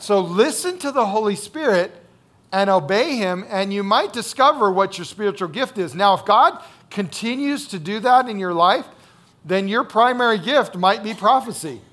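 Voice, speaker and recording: A male pastor with a high-pitched voice gives a sermon in an easy, conversational tone. He repeats key phrases for emphasis and keeps asking "right?" and "okay?" to check that his listeners are following. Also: a bit bright.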